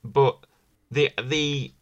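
A man's voice: mid-range voice, steady tone, drawn-out words, fairly bright tone, lo-fi sound. A man hosting a casual wrestling review podcast, rambling and enthusiastic, often repeating himself. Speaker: podcast host.

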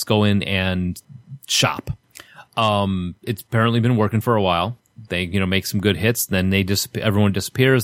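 A man's voice: low voice, a bit bright, no echo, clean studio sound. A man in casual chat, recapping a film's plot with plenty of ums and laughs. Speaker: podcast co-host. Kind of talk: casual movie discussion.

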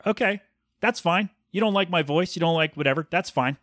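A man's voice: fairly high pitch, lively intonation, a little fast, a bit bright, dry recording, studio quality. A man in his thirties hosting a solo podcast, rambling and sarcastic as he mocks a bad review in mock-professional tones. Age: 30s. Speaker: podcast host. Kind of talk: casual solo podcast rant. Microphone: podcast microphone.

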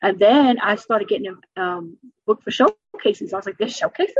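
A woman stand-up comic from El Paso tells her story in a casual interview, restarting herself and slipping into voiced asides. Her voice is breathy and husky. The audio is dry and a little muffled. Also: mid-range voice, no room sound. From El Paso, Texas. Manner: animated storytelling with quick self-corrections and voiced asides. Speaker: stand-up comedian, guest.

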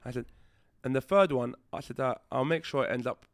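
A man's voice: mid-range voice, a little fast, no echo, studio quality. A man telling a story on a podcast in casual chat, swearing freely and acting out the other people's lines. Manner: animated storyteller who acts out quoted dialogue. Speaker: podcast host.

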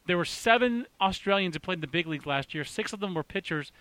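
Male host, bright and excitable, quick with restarts, dry close-mic sound. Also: high voice, no room sound. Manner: excitable, rapid, full of restarts. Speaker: baseball podcast host. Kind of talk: casual sports chat.

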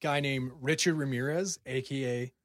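Excitable man telling spooky history. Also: mid-range voice, normal speed, no room sound, clean studio sound. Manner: excitable storyteller, swears casually. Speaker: podcast host presenting research. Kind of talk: casual podcast chat.

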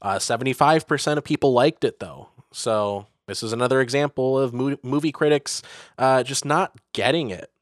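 Smooth-voiced young man, halting and wry. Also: mid-range voice, no room sound, studio quality. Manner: halting, filler-heavy, wry. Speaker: podcast co-host. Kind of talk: casual movie-review chat.

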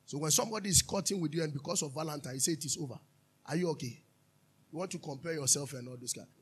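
Ghanaian preacher guy, husky and high, half sings his lines, keeps asking the crowd to answer. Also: fast. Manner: animated preaching, breaks into song-like lines; calls for audience responses, asks and answers himself. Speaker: pastor. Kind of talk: sermon.

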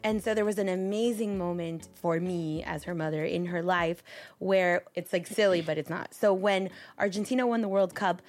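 A mother on a parenting podcast telling stories in an animated, emotional way. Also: on the low side, normal speed. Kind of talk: casual podcast conversation.

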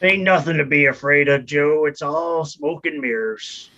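A man playing a tabletop game, joking and excitable. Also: on the high side, measured pace, muffled recording. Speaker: player. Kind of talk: casual tabletop game play.

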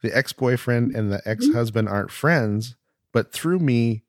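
A man's voice: mid-range voice, lively intonation, a little slow, dry recording, clean studio sound. A man hosting a podcast in casual chat, reading news articles aloud with playful mock drama. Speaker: podcast host.

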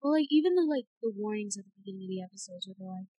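A woman's voice: mid-range voice, expressive, rapid-fire, warm tone, dry recording. A teenage girl co-hosting a casual podcast chat, rambling with lots of fillers and giggles. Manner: chatty, filler-heavy, giggly. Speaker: podcast co-host.

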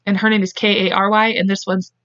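A woman's voice: medium pitch, little pitch movement, quick pace, fairly bright tone, no echo, dull audio. A woman hosting a podcast, telling a true-crime story in a chatty, profane way with side tangents. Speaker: podcast host.

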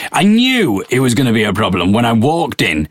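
A man in his thirties, a podcast host and comedian, chatting and telling stories in an animated way. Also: medium pitch, a little fast, dry recording, clean studio sound. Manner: chatty storyteller, animated, acts out voices in anecdotes. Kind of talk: casual chat.

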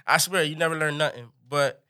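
Bright-voiced, animated male storyteller. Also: normal speed. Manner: animated, swings into high excited pitch for punchlines. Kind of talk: comic storytelling.

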